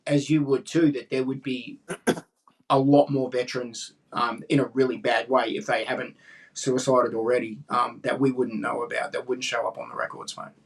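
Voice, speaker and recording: A man's voice: mid-range voice, normal speed, vocal fry, far from the mic. An Australian man hosting a casual interview, talking in a conversational, indignant way. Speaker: podcast host.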